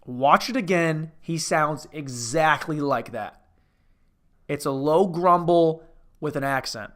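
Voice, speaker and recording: Rambling, slightly high-voiced male reviewer. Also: takes it slowly, fairly bright tone. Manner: rambling and self-interrupting, profane. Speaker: host. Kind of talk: comedic movie review.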